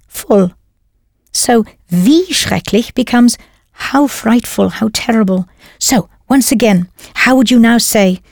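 A woman teaching a language narrates a scripted audio lesson, patiently cueing the learner and then confirming each response. Her voice is a little high, creaky and darkish in tone, captured in a dry recording with clean studio sound.

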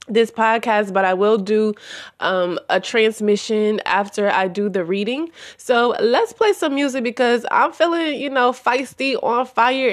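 Woman, solo spiritual podcast host; slightly high voice, earnest and heartfelt, chatty with listeners. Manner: earnest, emotional, addresses listeners as y'all. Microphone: home audio recording.

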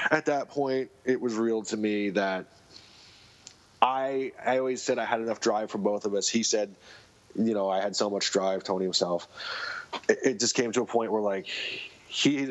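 A man's voice: on the low side, normal speed, a bit bright. A man, a guest on a podcast, telling stories in casual conversation, rambling and restarting his sentences often. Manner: rambling storyteller with frequent restarts. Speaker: guest, comic book writer. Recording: dull lo-fi recording.

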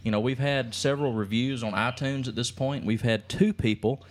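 A man's voice: medium pitch, steady tone, moderate pace, slight background noise. A man hosting a casual theology podcast, easygoing, reading listener reviews aloud and laughing along with his co-hosts. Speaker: podcast host. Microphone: studio microphone.

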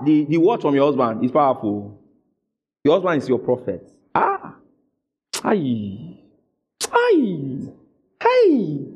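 A man preaching a sermon as a pastor, acting out dialogue in an animated way. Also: a little high, slightly rough, dull audio.

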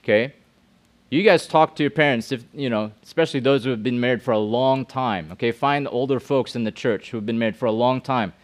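A middle-aged man preaching to young people in a loose, conversational way. He keeps asking the room questions, repeats his words and restarts his sentences as he goes. His voice sits at an ordinary middle pitch. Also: a little fast. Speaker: pastor. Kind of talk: youth sermon with audience questions.

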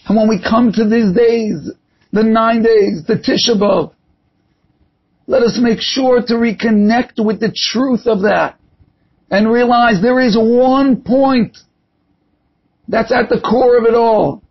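A man preaches with fervor, spinning a parable for his listeners. His voice sits unusually high and comes out husky. The recording sounds dull and lo-fi. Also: fairly even intonation, slow. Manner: impassioned storytelling. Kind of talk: sermon with parable.

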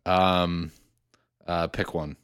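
A man in casual chat, joking and quick to play along. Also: deep voice, level tone, a bit bright, smooth, no room sound, clean studio sound.

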